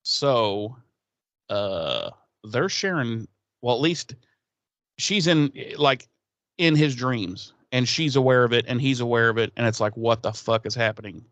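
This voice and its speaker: A man's voice: medium pitch, expressive, a little slow, a bit bright, dry recording. A man co-hosting a podcast, recapping an episode in casual, profane chat and acting out the characters' lines. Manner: profane, rambling, acts out quotes. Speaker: podcast co-host.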